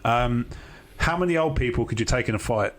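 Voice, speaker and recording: A man hosting a casual comedy podcast, dropping dry quips and quick follow-up questions. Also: mid-range voice. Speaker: podcast host.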